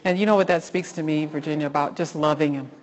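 A woman hosting a Christian devotional talk, preaching fervently and rising into excited exhortation. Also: low voice, fast talker, long reverb tail. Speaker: host.

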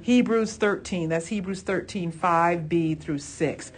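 A woman with a fairly low voice leads a church Bible lesson. She is fervent and emphatic and talks conversationally, with asides and restarts, calling out praise between points. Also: a little slow. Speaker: Bible study teacher.

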